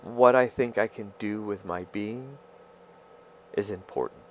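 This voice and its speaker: A man talking straight to his viewers in a rambling personal monologue, halting and stammering as he searches for his words. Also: lowish voice, a little hiss or hum.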